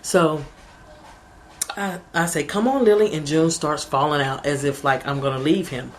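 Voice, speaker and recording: A woman's voice: deep voice, steady tone, unhurried, a little hiss or hum. A young woman vlogging about her family, retelling an upsetting morning in a rambling, emotional way. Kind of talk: casual storytelling to camera.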